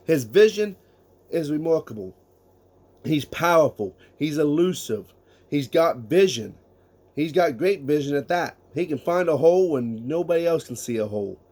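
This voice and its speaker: A man's voice: on the high side, expressive, normal speed, darkish tone. A man giving casual solo sports talk, emphatic, reading out statistics and asking rhetorical questions. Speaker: sports commentator.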